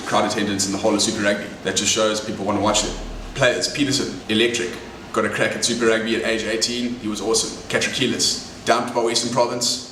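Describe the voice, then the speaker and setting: A man's voice: lowish voice, fairly bright tone, slight background noise. A man giving an opinion piece in punchy, clipped points. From South Africa. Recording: echoey room, distant mic.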